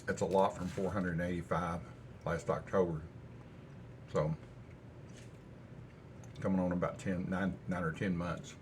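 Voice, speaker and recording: Deep-voiced folksy older man. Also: little pitch movement, a little slow, pauses often, noisy background. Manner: easygoing, folksy, rambling. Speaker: home cooking vlogger. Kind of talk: casual cooking vlog chat.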